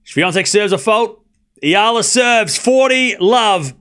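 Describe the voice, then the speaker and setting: High-voiced excitable male tennis streamer. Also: slow, clear, resonant tone. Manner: excitable, talks straight to chat, bursts of shouting at big points; casual and chatty, with slang and asides. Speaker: streamer doing live tennis commentary. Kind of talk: live watchalong play-by-play commentary.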